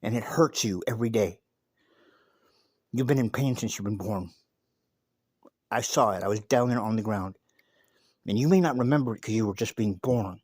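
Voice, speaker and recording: A man doing a calm little street-wise mouse. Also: on the low side, moderate pace, pauses often, breathy edge, no room sound, studio quality. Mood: calm, reassuring. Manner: soothing, street-casual talk.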